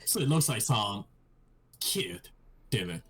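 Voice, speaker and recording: A player in a tabletop game, reasoning in a dry, deadpan way. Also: medium pitch, takes it slowly, slightly rough. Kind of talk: casual chat in a tabletop game.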